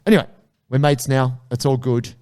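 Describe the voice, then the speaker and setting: An animated man telling gym stories on a podcast, swearing easily and acting out what others said. His voice sits at an ordinary middle pitch. He talks like a jiu-jitsu coach chatting with a friend. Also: a little fast. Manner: animated storyteller, swears casually, acts out quotes. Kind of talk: casual chat.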